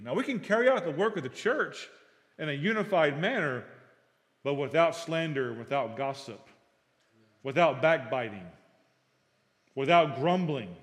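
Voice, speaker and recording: A man's voice: fairly high pitch, animated, unhurried, long pauses. Fervent preacher man in a reverberant hall. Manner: storytelling preacher, acts out dialogue, swings loud and quiet. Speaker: pastor. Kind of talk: sermon.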